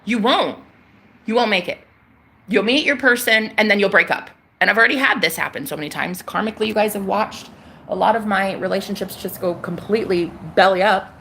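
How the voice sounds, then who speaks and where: A woman's voice: mid-range voice, fairly quick, a bit bright, slight background noise. A young woman talking to her followers as a psychic vlogger, emphatic and slangy, swearing freely as she preaches about spiritual matters. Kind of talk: casual spiritual vlog monologue.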